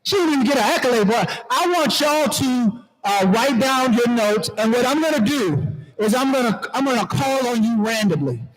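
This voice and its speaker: High-voiced playful man emceeing a conference. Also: expressive, normal speed, rough recording. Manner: playful, preachy, talks to the crowd. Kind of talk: lively stage emcee talk. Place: conference hall.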